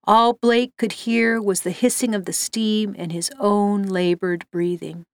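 A woman's voice: medium pitch, dry recording. Woman narrating a ghost story, dry sound. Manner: steady, measured reading.

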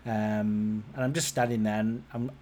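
A man's voice: normal speed, a little hiss or hum. Man in his forties telling a story. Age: 40s. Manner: rambling, conversational, lively swings in pitch and loudness. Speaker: podcast host. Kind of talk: casual storytelling.

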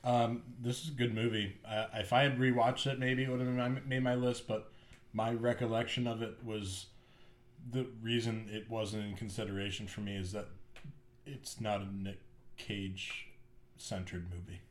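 A man's voice: on the low side, little pitch movement. Hesitant man chatting about a movie. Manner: measured, hesitant with uhs. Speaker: podcast co-host. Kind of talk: casual chat.

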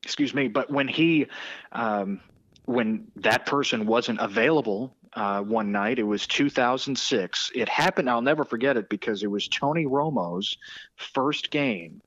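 A male sports broadcaster telling anecdotes in a podcast interview, lively and full of restarts. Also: mid-range voice, measured pace, no echo, highs cut off. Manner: animated anecdotes with frequent restarts and quoted voices.

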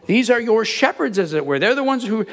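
A male preacher delivers his sermon with a lively, swooping delivery, pitched a little above the usual man. He retells the scripture like a story, slipping into the voices of the people he quotes. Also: a little fast. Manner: animated storytelling, acts out quoted speakers.

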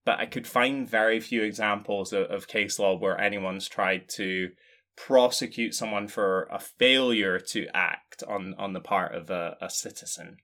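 A man's voice: lowish voice, a little slow, sharp tone. A man co-hosting a casual discussion, explaining points in a wry, joking way. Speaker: podcast co-host.

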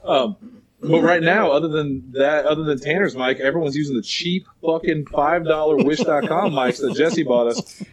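A man's voice: on the high side, normal speed. A man hosting a casual in-person podcast, loose and swearing as he chats. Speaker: podcast host. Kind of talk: casual group chat. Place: shared room, in person.

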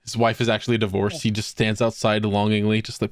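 A man's voice: on the low side, fast, no room sound, clean studio sound. A young man telling funny stories on a podcast, joking and acting out what people said. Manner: joking, animated storyteller acting out quotes. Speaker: podcast co-host. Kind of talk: casual storytelling.

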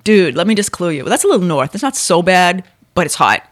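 A middle-aged woman co-hosting a casual chat, talking fast and cracking jokes. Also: on the low side, no room sound. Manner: fast, excitable, wisecracking. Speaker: podcast co-host.

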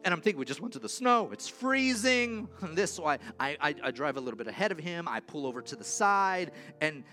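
A man preaching from the pulpit in a fairly high, bright, forceful voice. He moves from hushed, conversational storytelling to loud, fervent pleas. Soft instrumental music plays faintly behind him in the church. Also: animated, a little fast. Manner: rises from quiet storytelling to loud impassioned preaching. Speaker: pastor. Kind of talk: sermon. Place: church sanctuary.

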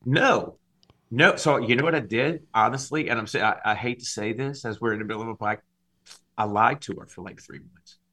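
A man from Louisiana, a singer and minister giving his testimony as a podcast guest, animated and acting out the dialogue. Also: on the low side, fast talker. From Louisiana, USA. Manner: animated storyteller, acts out dialogue.

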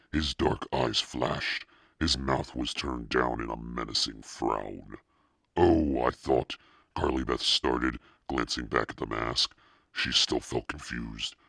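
A man giving a measured, dramatic audiobook narration. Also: rumbling low, creaky, pushed and bright, husky, no echo, clean studio sound.

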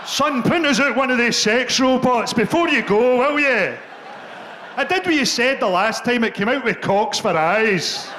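A man's voice: very high voice, a little slow, a little hiss or hum, pitched above the performer's own voice, full character voice. A man doing a nagging old Scottish dad. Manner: loud, nagging. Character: pestering older dad, clueless with technology.

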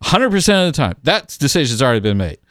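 Podcast co-host, man, emphatic and animated; smooth, resonant voice, dry close mic. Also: mid-range voice, fast talker, no echo. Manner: emphatic, lively, many restarts and fillers. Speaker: podcast co-host giving advice. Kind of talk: casual advice podcast chat.

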